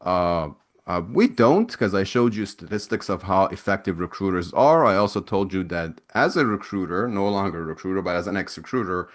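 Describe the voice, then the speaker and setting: This low, expressive voice belongs to a former recruiter running a webinar Q&A over a video call. Talking a little fast, he reads audience questions from the chat in a loose, chatty way, often restarting his sentences.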